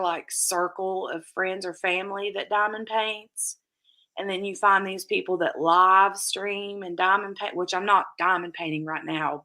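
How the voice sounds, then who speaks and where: A woman's voice: mid-range voice, fairly bright tone. A woman hosting a casual live stream chat from home, talking chattily and laughing often.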